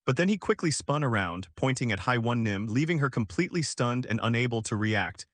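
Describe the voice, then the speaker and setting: A man's voice: mid-range voice, expressive, fairly quick, hardly any pauses, a bit bright, dry recording. A man giving scripted, dramatic narration of a recap story.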